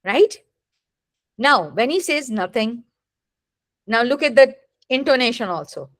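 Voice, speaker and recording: Woman lecturing a class, slow and careful, keeps asking if u get it, dry sound. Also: a little high, expressive, dry recording. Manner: deliberate, asks rhetorical questions to check understanding. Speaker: literature teacher.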